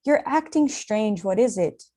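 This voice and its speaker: A woman's voice: medium pitch, expressive, measured pace, mellow. A woman reading the lines of a tired, faintly bitter woman questioning a man over the phone. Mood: probing.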